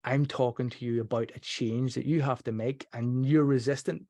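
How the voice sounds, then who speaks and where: A man hosting a psychology podcast, explaining his approach in a relaxed conversational way and acting out short example dialogues. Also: mid-range voice, moderate pace. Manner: explanatory, acts out example dialogue, frequent restarts. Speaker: podcast host and motivational interviewing trainer. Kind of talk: conversational teaching.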